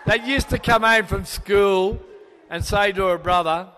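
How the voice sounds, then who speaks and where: An older Australian man gives a father-of-the-bride speech, his voice sitting a little high for a man. He rambles with fond fillers and restarts. The sound carries a long hall reverb. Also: measured pace, background noise. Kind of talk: wedding speech.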